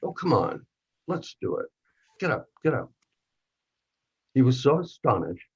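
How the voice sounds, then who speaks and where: A man in a workshop reading, playing a narrator who recalls a charged night with a film actor, telling it intimately and dropping to a hush at tense moments. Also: mid-range voice, sing-song, unhurried, vocal fry, breathy edge, heavily acted. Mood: reflective. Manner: intimate, drops to hushed tones for tense moments. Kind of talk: dramatic monologue reading. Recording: dull lo-fi recording.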